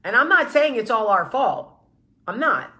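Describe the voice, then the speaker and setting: Female vlog host, high bright voice, blunt and emphatic, swears freely. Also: big pitch swings, moderate pace. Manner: emphatic, blunt, profane, repeats rallying phrases. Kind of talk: impassioned opinion monologue.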